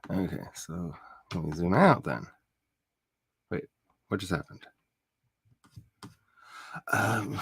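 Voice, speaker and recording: A man's voice: low voice, slow pace, creaky, long pauses, breathy edge, no echo. A man talking casually on a livestream as he builds his fictional world, chatty and playful, addressing his viewers and grumbling at his browser.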